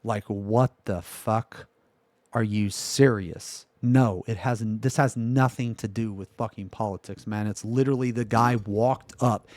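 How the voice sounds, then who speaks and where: A man streaming live, ranting in a profane, exasperated way that swings from loud outbursts to low muttering. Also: no echo. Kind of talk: livestream reaction rant.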